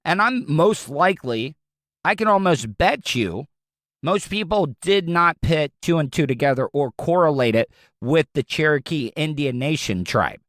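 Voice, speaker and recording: A man's voice: a little high, expressive, unhurried, a bit bright, no room sound, studio quality. A man with a Southern American accent, hosting his own podcast with blunt, rambling opinions. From Southern United States. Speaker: podcast host. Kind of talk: casual opinion talk.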